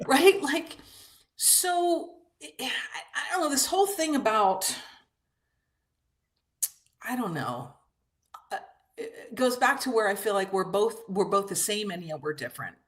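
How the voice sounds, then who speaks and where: A woman's voice: medium pitch, big pitch swings, a little slow, pauses often. Reflective, hesitant woman talking. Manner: reflective, hesitant, lots of restarts. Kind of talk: casual conversation.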